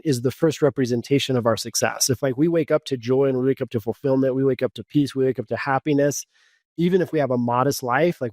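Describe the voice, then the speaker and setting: A man's voice: mid-range voice, a little mellow, dry recording. Chatty man from Kansas, dry close sound. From Kansas, USA. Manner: rambling, lots of "like" and "you know". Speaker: guest coach. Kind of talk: casual podcast storytelling.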